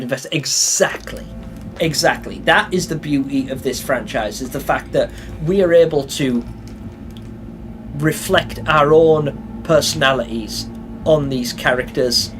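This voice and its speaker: Chatty young British streamer, slightly high voice, laughs a lot while reading chat. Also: male voice. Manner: chatty, reads chat aloud, laughs often. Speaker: live game streamer. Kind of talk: casual live-stream chat while gaming.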